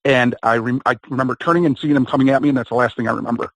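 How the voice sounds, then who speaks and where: A man of medium pitch talks in a loose, rambling storytelling way, laughing now and then and slipping into voices of others as he recounts a ring mishap. His voice is close and dry, with no room sound around it. He comes across as an interview guest swapping stories. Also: steady tone, very fast, no echo, rough recording. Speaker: wrestler. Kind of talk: casual storytelling.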